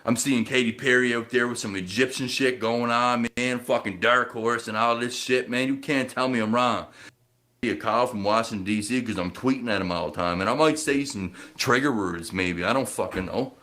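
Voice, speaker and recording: A male livestreamer from Canada, rambling through profane, conspiratorial tangents. His voice sits at an ordinary middle pitch, and he keeps tacking "man" onto his sentences. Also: normal speed, sharp tone.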